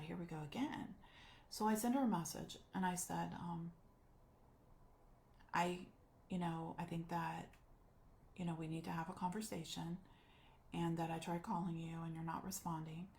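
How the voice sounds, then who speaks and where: A woman life coach telling a personal story, animated and acting out the voices she quotes. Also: on the low side, vocal fry.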